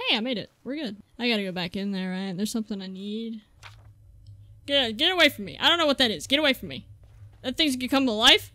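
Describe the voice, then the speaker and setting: A woman's voice: fairly high pitch, lively intonation, fast talker, pushed and bright. A young woman commentating a horror game let's play for her viewers, jumpy, swearing and laughing at her own fear. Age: young adult. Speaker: gaming YouTuber.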